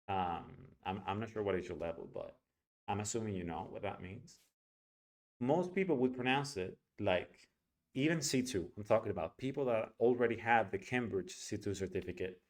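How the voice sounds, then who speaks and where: A young man whose first language is Spanish gives a casual spoken pronunciation lesson, animated and acting out sounds as he explains them. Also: on the low side. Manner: animated, demonstrates sounds aloud with filler words. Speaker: English pronunciation teacher.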